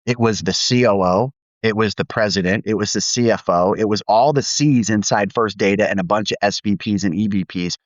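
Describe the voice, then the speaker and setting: A man's voice: lowish voice, dry recording, lo-fi sound. A man co-hosting a podcast tells a candid work story. He pokes fun at himself and laughs as he talks. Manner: candid, self-deprecating, laughs while telling stories. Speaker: podcast co-host.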